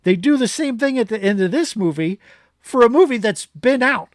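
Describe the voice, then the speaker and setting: A man's voice: very high-pitched, normal speed, dry recording, clean studio sound. A man co-hosting a podcast, giving an opinionated, rambling movie review in casual chat. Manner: rambling, opinionated, animated rants. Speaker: podcast co-host.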